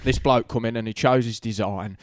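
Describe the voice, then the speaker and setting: A man chatting on a podcast, joking and telling stories from the tattoo shop. His pitch is mid-range and the sound is dry and close-miked, with no room around it. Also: steady tone, no echo. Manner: joking storyteller, quick banter. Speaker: tattoo artist, podcast co-host. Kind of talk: casual podcast chat. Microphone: podcast microphone.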